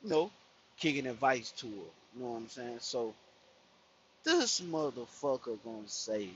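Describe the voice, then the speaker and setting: A man's voice: medium pitch, very animated, measured pace, a bit bright, breathy edge. A man telling a personal story in casual, profane street slang, acting out the people he quotes. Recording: dull lo-fi recording.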